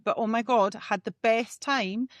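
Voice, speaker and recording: A woman's voice: a little high, measured pace. A woman with a brash Scottish accent, co-hosting a casual chat, talking in a chatty, self-deprecating way. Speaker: podcast co-host, nail tech.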